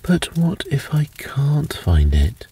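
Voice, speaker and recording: A man's voice: medium pitch, very animated, takes it slowly, dark tone, slightly rough, pitched above the performer's own voice, full character voice. A man voicing a small, frightened male pixie elf who pleads anxiously. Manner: plaintive, anxious.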